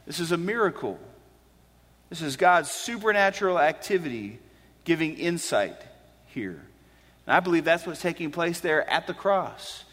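Male pastor, high voice, earnest sermon delivery, hushed lows to emphatic highs, hall reverb. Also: expressive, moderate pace. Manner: earnest preaching, swings from hushed low phrases to raised emphatic declarations.

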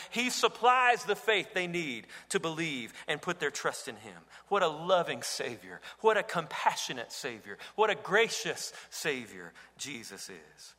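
A pastor preaches a sermon in a church sanctuary, his voice sitting high with a sharp tone. He is earnest and rises to emphatic cries, and the recording carries the echo of a reverberant hall.

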